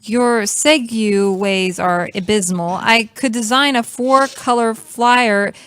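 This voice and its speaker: A woman voicing a desperate, defensive museum marketing woman in an improvised comedy audio play, talking fast and evasively. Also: on the high side, a bit bright, smooth. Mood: jittery.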